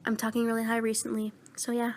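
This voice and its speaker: A teenage girl chatting aimlessly into her phone mic, meandering and a little self-deprecating. Her voice sits somewhat high for a woman, and she sounds a bit under the weather. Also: completely flat delivery, fast talker, a little mellow, a little hiss or hum. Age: teens. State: sick. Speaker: voice actor vlogger. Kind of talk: casual rambling vlog.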